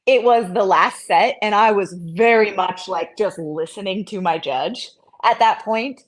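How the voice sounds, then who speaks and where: Animated self-mocking woman athlete. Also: measured pace. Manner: animated, self-mocking, acts out quotes in a higher voice. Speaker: interview guest, CrossFit athlete. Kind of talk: casual interview chat.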